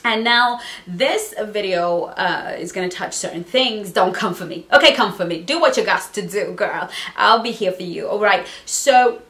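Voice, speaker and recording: A woman's voice: medium pitch, normal speed, few pauses, a bit bright. Brief: woman dating coach from Southern Africa, emphatic and playful, roomy echo. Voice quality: emphatic, playful, repeats phrases for effect. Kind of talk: motivational advice video.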